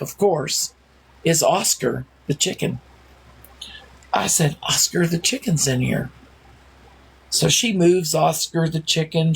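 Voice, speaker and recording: A woman's voice: deep voice, creaky, a little hiss or hum. A woman telling a story in a casual, wondering way, often restarting her sentences. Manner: slow, wondering, full of restarts.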